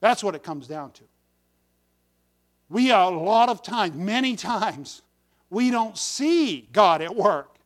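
High-voiced pastor preaching with emphatic swells. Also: male voice, animated, takes it slowly, long pauses. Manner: folksy, rises to emphatic bursts on key words. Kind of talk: sermon.

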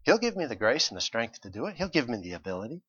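Man preaching a sermon, quiet to emphatic. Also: mid-range voice, sing-song, fast, slightly rough, no echo, highs cut off. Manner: swings from quiet asides to loud emphatic preaching.

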